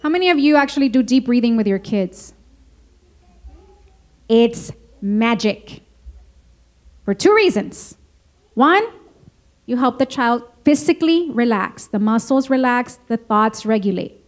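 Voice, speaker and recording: A woman with a high voice presents a parenting workshop in a school meeting room. She keeps the audience involved with questions and drops into her English. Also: unhurried, pauses often. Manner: lively, engaging, asks the audience questions.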